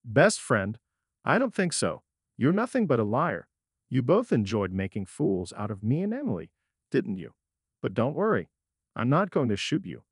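A cold, bitter husband turned hard and unforgiving, as a male storyteller reads him. His husky voice sits at a middle pitch but swings widely as he cuts in. The sound is close and dry. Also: huge pitch swings, moderate pace, dry recording. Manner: cold and cutting.

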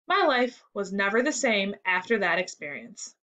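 A woman reading the lines of a patient adult male musician who explains clearly. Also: medium pitch, big pitch swings, normal speed, bright, forceful tone. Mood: explaining.

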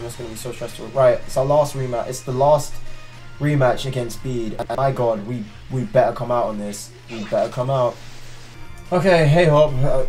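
A man's voice: mid-range voice, darkish tone. A man giving let's play commentary, thinking aloud and ranting in frustration, with frequent restarts and muttered swearing. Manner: frequent restarts and swearing under his breath. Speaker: gaming channel host.

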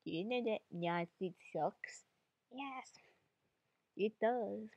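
A woman's voice: medium pitch, takes it slowly, creaky, darkish tone, husky, no room sound, dull audio. A woman giving casual, rambling reaction commentary on videos, jumping from one topic to the next. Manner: rambling, jumps between topics.

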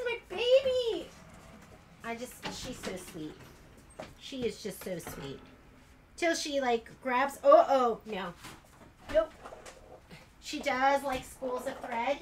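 A woman's voice: fairly high pitch, slight background noise. A woman teaching a casual sew-along in her sewing room, chatty and rambling as she works. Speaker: sewing instructor.

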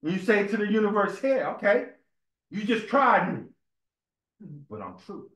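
A man with a high-pitched, slightly bright voice speaks at a moderate pace. He's giving a casual sermon at a temple meeting, telling personal anecdotes, repeating himself and checking in with "right?". The room is echoey.

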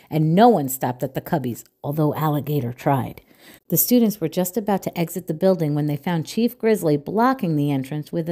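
A woman reading a children's picture book aloud with clear, expressive storytelling. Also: low-pitched.

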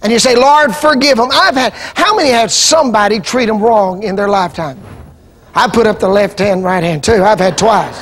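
High-voiced, impassioned male preacher. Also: expressive, moderate pace, breathy edge. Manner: impassioned, rising into shouts and call-and-response. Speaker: pastor. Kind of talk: sermon. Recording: archival 2000 TV broadcast.

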